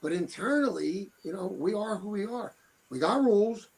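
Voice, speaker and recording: A man's voice: high voice, lively intonation, moderate pace, vocal fry, darkish tone, husky, low-quality recording. A middle-aged man telling blunt, tough-talking stories as an interview guest. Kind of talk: casual interview talk.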